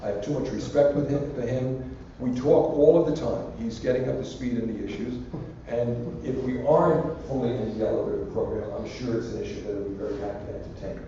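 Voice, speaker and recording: A man's voice: mid-range voice, fairly quick, vocal fry, few pauses, warm tone, slight background noise. An older man, a university president, answering student questions in a rambling, anecdotal way that drifts into jokes. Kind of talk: casual public Q&A. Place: large lecture hall. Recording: echoey hall from far off, dull and lo-fi.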